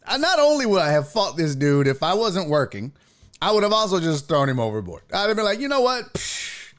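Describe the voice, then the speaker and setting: A man's voice: sits high, fairly bright tone. A man hosting a sports talk show, telling a story in a casual, profane way and laughing often.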